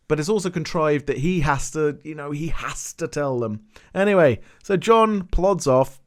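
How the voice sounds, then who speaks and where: A young man rants through a TV episode recap, casual and animated. He swears freely and breaks into exasperated outbursts. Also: a little high, normal speed. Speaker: TV recap vlogger.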